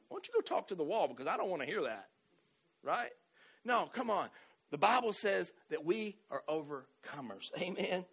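A man with a Southern American accent preaching with a high, bright voice. He drives his points home in an emphatic, rhythmic call-and-response style, and the congregation is invited to answer back. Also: very animated, moderate pace, pauses often. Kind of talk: sermon.

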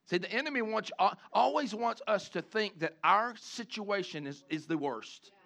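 High, bright-voiced man preaching. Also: moderate pace, vocal fry. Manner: animated, swings from chatty asides to loud shouted lines; acts out the congregation and the people he quotes. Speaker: pastor. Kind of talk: sermon.

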